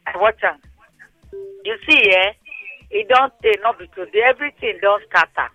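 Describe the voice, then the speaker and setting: Woman, Nigerian Pidgin, phone-in radio host, lively swooping pitch, dry close sound. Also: moderate pace, no echo, lo-fi sound, faint music behind. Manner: animated, scolding commentary. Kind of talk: casual radio phone-in chat.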